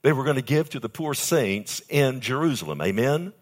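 An older man preaching a sermon as pastor, calling out to his congregation and stretching key phrases slowly for emphasis. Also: expressive. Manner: emphatic preaching with sudden high pitch jumps and slowed key phrases; calls out to congregation with "amen" and "loved one".

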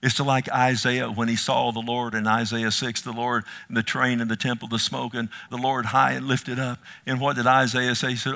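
A man preaches with a bright, forceful tone. He climbs into loud, urgent cries, then sinks to a hushed plea, and he keeps calling his listeners "loved one". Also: level tone, moderate pace, creaky, hardly any pauses. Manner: impassioned, swings from loud rising cries to low hushed pleading. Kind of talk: sermon.

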